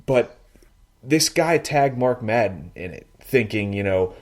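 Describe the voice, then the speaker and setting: A man co-hosting a casual sports podcast, telling stories in an animated, teasing way. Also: medium pitch, a little slow. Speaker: podcast co-host.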